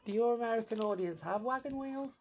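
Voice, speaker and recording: A woman's voice: on the high side, brisk, a little mellow, a little hiss or hum. A young woman co-hosting a casual film commentary, teasing her co-host in dry banter.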